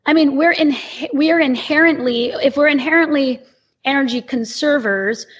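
A woman's voice: high-pitched, normal speed. A woman who teaches movement, guesting on a podcast and explaining her ideas thoughtfully. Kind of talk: casual conversation.

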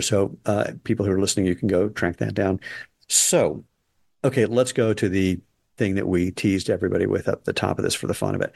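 A man's voice: on the low side, creaky, dry recording, studio quality. A man hosting a podcast interview, chatty and jokey with rambling asides. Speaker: podcast host. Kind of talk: casual interview chat.

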